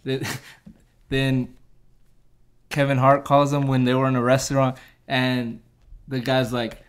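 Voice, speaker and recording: A man's voice: mid-range voice, completely flat delivery, slow, pauses often, clean tone. A man casually retelling a movie's plot, rambling with lots of fillers and chuckling at his own jokes. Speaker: movie reviewer.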